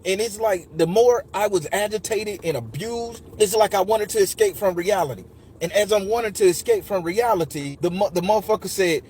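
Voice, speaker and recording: A man's voice: high-pitched, fairly quick, darkish tone, a little hiss or hum. A man in his forties telling a personal story in a raw, profane, emotional way, talking straight to listeners. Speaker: podcast storyteller. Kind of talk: casual storytelling.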